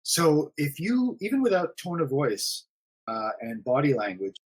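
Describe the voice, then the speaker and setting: Brief: husky, slightly higher-voiced man, chatty forum admin on a stream, rambles and repeats. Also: wildly swooping pitch, unhurried. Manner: rambling, repeats himself, frequent fillers. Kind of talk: casual live-stream conversation.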